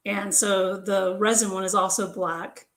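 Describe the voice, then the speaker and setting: A woman co-hosting a casual livestream chat, talkative and quick to laugh, often trailing off and restarting. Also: medium pitch, little pitch movement, fairly bright tone, echoey room, rough recording. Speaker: co-host.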